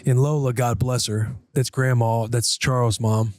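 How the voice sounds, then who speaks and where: A man's voice: mid-range voice, steady tone, measured pace, dry recording, clean studio sound. A man in his thirties, co-hosting a casual podcast, telling a family story openly and acting out the voices in it. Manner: candid storytelling, acts out family dialogue. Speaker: podcast co-host, former pro football player.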